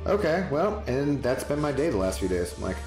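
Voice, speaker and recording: A man's voice: medium pitch, lively intonation, fast. A man streaming a game, chatting loosely and rambling as he answers his viewers by name. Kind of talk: casual live-stream chat. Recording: roomy, with background music.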